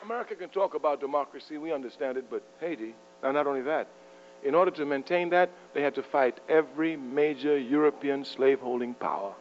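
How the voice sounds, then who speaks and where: A man with a high voice delivers a fiery political lecture, emphatic and provocative. He chuckles at his own jabs. The recording is muffled and lo-fi, with a faint mains hum underneath. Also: a little fast. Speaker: political speaker. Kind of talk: fiery lecture to a live audience.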